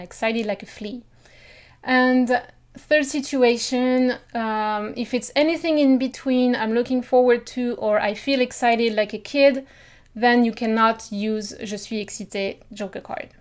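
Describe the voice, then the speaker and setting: French lady explaining stuff in a friendly chatty way, kinda high voice, french accent. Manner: chatty, reassuring, mixes in French phrases. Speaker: language teacher. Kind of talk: casual video lesson.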